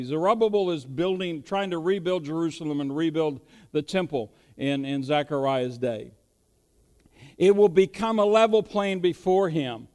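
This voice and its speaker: Male pastor mid-sermon, high resonant voice, preaches with questions and rising emphasis. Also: a little mellow.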